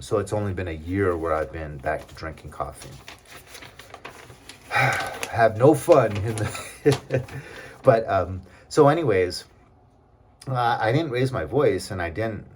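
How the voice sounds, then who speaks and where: A man's voice: low voice, lively intonation, a little slow, long pauses, slight background noise. A man vlogging in a casual, rambling monologue, talking in an aggrieved tone with many fillers and asides.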